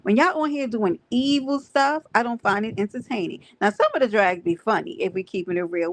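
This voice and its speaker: A woman hosting a livestream, greeting her chat and ranting in an animated, profane, emphatic way. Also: medium pitch, brisk, hardly any pauses. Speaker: livestream host. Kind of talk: livestream rant and viewer chat.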